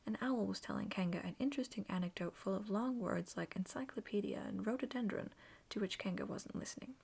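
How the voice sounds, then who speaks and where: A woman reading a children's story aloud in soft, slow whispered role-play. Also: medium pitch, gravelly, breathy edge.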